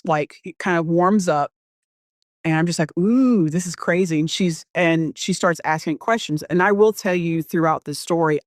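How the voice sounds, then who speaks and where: A woman with a deep voice, recorded with no room sound, tells a scary story that happened to her. As a guest storyteller, she rambles, restarts, swears, and quotes herself.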